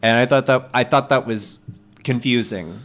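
A man in easy conversation about movies, his mid-range voice jumping up whenever he gets excited. He swears a lot and likes to mimic characters with exaggerated voices. The talk is loose and unscripted. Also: mid-range voice, moderate pace. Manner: animated, swears often, mimics accents mockingly. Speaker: podcast co-host. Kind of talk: casual film discussion.

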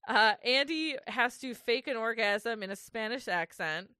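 A woman's voice: on the high side, animated, unhurried, bright, forceful tone, smooth, dry recording, studio quality. A woman co-hosting a casual recap podcast, ranting, swearing and laughing as she goes. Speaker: podcast co-host.

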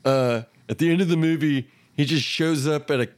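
A man's voice: a little high, normal speed. A man hosting a podcast, animatedly retelling movie scenes in casual chat and laughing often. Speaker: podcast host.

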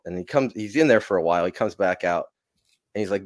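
A man's voice: on the low side, a little fast, no echo, clean studio sound. A man from New Jersey, a podcast guest, telling a long profane story in a rambling, self-interrupting way. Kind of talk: casual storytelling.

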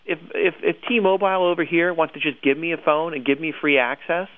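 A man co-hosting a casual news chat, talking in an animated, opinionated way and laughing often. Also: fairly high pitch, fairly quick, dry recording. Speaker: podcast co-host. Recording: tinny phone-line audio.

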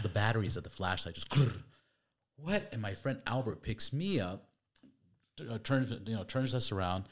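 Deep-voiced podcast host spinning a yarn. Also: male voice. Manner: chatty, halting with restarts, acts out voices. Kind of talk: casual storytelling.

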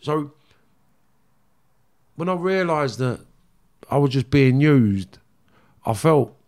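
An intense man, speaking with blunt, raw feeling and frequent swearing. He circles back and repeats his points as he talks. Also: medium pitch. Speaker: guest, former criminal. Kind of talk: emotional interview storytelling.

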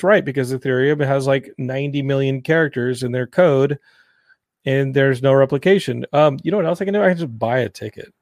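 Podcast host guy, gravelly voice, dry close sound, animated storytelling. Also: brisk, dry recording. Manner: animated storytelling, acts out quotes in a higher voice. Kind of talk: casual chat. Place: Los Angeles.

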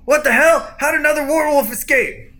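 A man voicing a panicky, dim-witted male soldier who yells in a raised pitch. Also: brisk. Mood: panicked. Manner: yelling, frantic.

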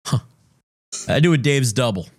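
A man co-hosting a casual podcast, laid-back, reacting with quick remarks. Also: mid-range voice, expressive. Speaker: podcast co-host.

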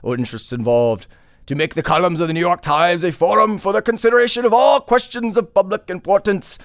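A man's voice: high voice, fairly quick, a bit bright, dry recording, studio quality, pitched above the performer's own voice. A man putting on the voice of a 1930s radio newsman, declaiming in an old-time newsreader cadence. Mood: declamatory.

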